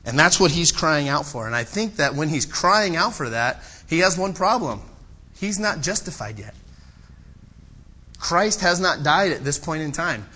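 A man preaching a sermon, swinging between loud, impassioned pleading and quiet, personal storytelling. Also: lively intonation, moderate pace, slightly rough. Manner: impassioned, rising to loud pleading then dropping low and personal.

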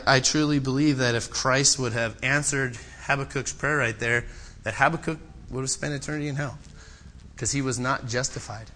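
A man preaching a sermon, swinging between loud, impassioned pleading and quiet, personal storytelling. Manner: impassioned, rising to loud pleading then dropping low and personal.

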